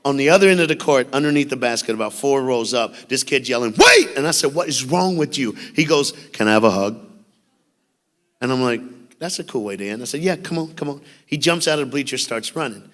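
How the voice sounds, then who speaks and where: A man giving an animated, folksy school assembly speech as a motivational speaker, telling stories and checking in with the crowd. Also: mid-range voice, brisk. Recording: long hall reverb with faint music.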